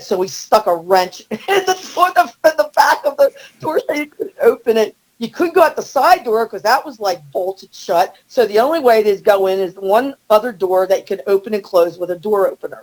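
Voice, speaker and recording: A middle-aged woman telling a story as a podcast guest, animated and acting out the quotes. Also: fairly quick, hardly any pauses, rough recording. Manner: animated, acts out quotes with rising pitch. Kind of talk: storytelling in casual chat.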